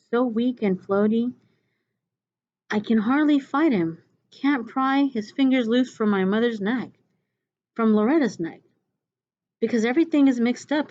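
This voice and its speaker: A woman reading a novel aloud chapter by chapter, with expressive, dramatic delivery. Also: on the high side, highs cut off. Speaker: reader.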